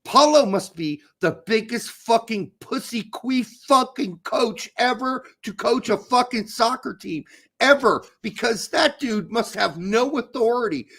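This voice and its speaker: A man with a strikingly high voice and a rough, gravelly edge holds forth on a casual sports podcast. His rant is thick with profanity and keeps boiling over into sudden, heated outbursts. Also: expressive, measured pace, a bit bright. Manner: profane, ranting, explosive outbursts. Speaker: podcast co-host.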